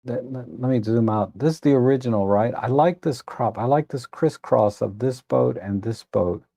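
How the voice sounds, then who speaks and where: A man hosting a live photo editing stream, reviewing viewers' edits in a relaxed, rambling way with many restarts. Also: mid-range voice, moderate pace, gravelly, no echo, studio quality. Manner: relaxed, rambling, self-correcting with frequent restarts; tired, admits yawning. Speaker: photo editing livestream host. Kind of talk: casual live commentary.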